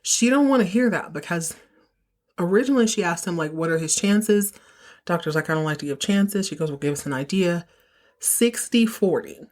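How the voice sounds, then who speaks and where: A woman with a fairly low voice, chatting casually as she recaps a soap episode. She tells the story with animated emotion and slips into the characters' lines as she goes. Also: moderate pace. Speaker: podcast host recapping a soap opera.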